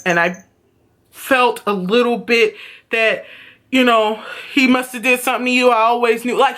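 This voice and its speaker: A young woman recapping a TV episode casually, animated and profane, acting out characters' lines as she goes. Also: medium pitch. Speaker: TV show reviewer.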